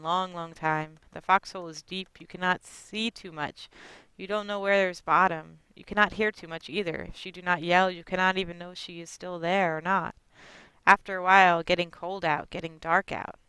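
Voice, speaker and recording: A woman's voice: fairly low pitch, steady tone, moderate pace, bright, forceful tone, clear, resonant tone, no room sound, low-quality recording. A woman playing a blunt grandmother. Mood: fretful, blunt. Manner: blunt, in broken English. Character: stubborn 68-year-old Chinese immigrant grandmother. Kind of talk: dramatic monologue.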